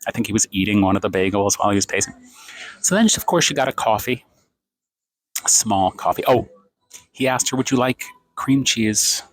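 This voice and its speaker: Speaking briskly with frequent pauses, a fairly low-voiced man in his fifties vents in a vlog he's shooting on his phone inside a café. His tone is sarcastic and exasperated, and he rambles.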